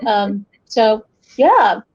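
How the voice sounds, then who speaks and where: A middle-aged woman from western North Carolina with an Appalachian accent, talking in an interview, lively and acting out the voices she quotes, with frequent restarts. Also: mid-range voice, very slow, slightly rough, muffled recording. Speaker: guest, folklorist and educator. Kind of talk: conversational interview storytelling.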